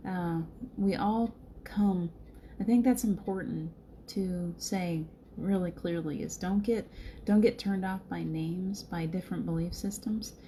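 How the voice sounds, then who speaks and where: A woman's voice: on the low side, dark tone, a little hiss or hum. A middle-aged woman with a slight Southern American accent, hosting a casual live stream, greeting viewers by name and laughing often. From Southern United States. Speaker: spiritual live-stream host.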